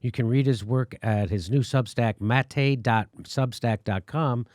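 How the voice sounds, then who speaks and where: A man hosting a political commentary show, talking in an animated, mocking and profane way. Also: medium pitch, measured pace, dry recording, clean studio sound. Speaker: show host.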